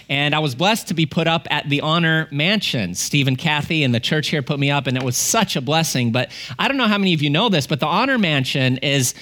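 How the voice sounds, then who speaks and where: Man in his forties, guest preacher, joking sermon, lively storytelling, fairly high voice. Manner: humorous, animated storytelling.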